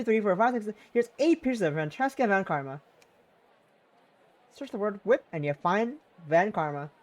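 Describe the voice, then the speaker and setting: A streamer reading a story game aloud on a live stream, swearing and laughing at their own slips. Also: medium pitch. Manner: swearing, self-mocking, laughing asides.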